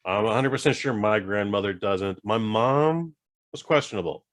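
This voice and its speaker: A man with a fairly low but bright, forward voice, co-hosting a podcast in relaxed chat. He answers in quick, playful bits. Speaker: podcast co-host. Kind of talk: casual chat.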